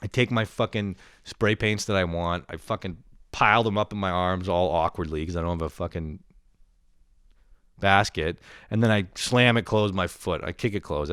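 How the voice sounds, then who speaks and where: Young guy, low smooth voice, profane rambling storyteller, close dry mic. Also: normal speed, no room sound. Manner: profane, rambling, animated retelling. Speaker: vlogger. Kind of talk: casual storytelling monologue.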